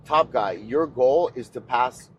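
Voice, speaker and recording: Male guest coach, steady and explanatory, middle-pitched, faint road noise behind; casual chat. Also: takes it slowly. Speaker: podcast guest, jiu-jitsu coach. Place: inside a car.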